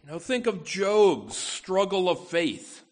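Slow, halting preaching man. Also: high-pitched, big pitch swings. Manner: halting, many fillers and restarts. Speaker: pastor. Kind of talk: sermon.

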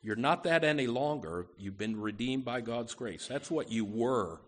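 A man preaching a sermon from the pulpit, earnest and deliberate, often saying "you know" and restarting phrases. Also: mid-range voice, lively intonation. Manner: slow, deliberate delivery with emphatic rises. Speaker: pastor.

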